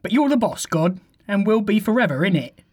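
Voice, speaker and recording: A man's voice: high-pitched, big pitch swings, brisk, darkish tone, slightly rough, voice pushed up, heavily acted. A man reading a prayer aloud as a cheeky Cockney bloke, in a put-on Cockney accent, chummy and slangy. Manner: chummy, slangy, suppressing laughter. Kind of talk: comic dramatic reading.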